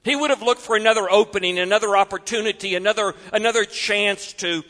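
A man preaching a sermon, expressive and animated. He acts out voices and sometimes drops suddenly quiet. His voice is high-pitched and ringing bright, carried by the long reverb of a big hall. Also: quick pace.

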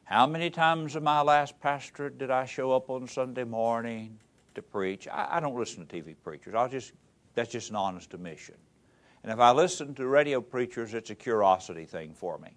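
A middle-aged man, a pastor teaching a class in a folksy, animated storytelling manner. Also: mid-range voice, a little fast. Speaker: pastor teaching ministry students. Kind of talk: lecture with folksy anecdotes.

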